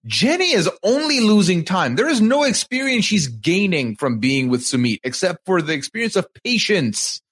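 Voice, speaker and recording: A man's voice: sits high, very animated, normal speed, hardly any pauses, fairly bright tone, breathy edge. A man co-hosting a podcast over a video call, recapping reality-show events and adding emphatic, outraged commentary. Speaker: podcast co-host.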